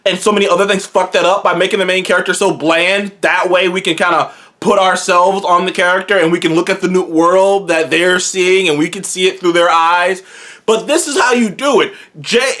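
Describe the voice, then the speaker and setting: A host of a movie review channel talking through a film in a casual, excitable monologue, swearing freely and jumping up in pitch when enthused.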